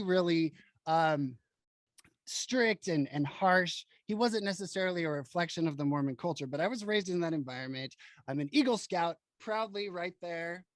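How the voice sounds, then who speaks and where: A man hosting a podcast who tells stories in an animated, frank and emphatic way. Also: high voice, no echo. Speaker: podcast host. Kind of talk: casual storytelling chat.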